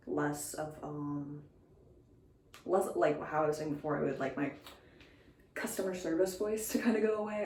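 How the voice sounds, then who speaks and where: Young woman vlogger, low voice, echoey room. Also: darkish tone, far from the mic, slight background noise. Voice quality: occasional slight lisp. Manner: rambling, many fillers and restarts. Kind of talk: casual chat. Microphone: phone camera.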